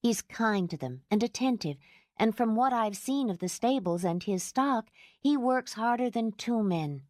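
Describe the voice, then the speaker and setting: A woman voicing an exhausted, gentle young mother who speaks in a calm, earnest way. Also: on the high side, measured pace, dry recording, clean studio sound, voice pushed up. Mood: tired.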